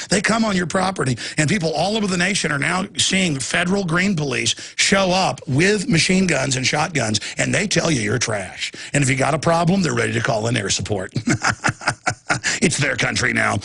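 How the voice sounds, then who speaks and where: Raspy, ranting male talk host. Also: a little high, sharp tone. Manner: emphatic, sarcastic, stammering restarts. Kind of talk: ranting political commentary.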